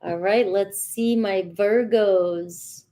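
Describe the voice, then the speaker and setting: A woman's voice: medium pitch, steady tone, drawn-out words, warm tone. A woman doing a casual tarot reading, chatty and talking straight to her viewers, often checking in with "all right.". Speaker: tarot reader.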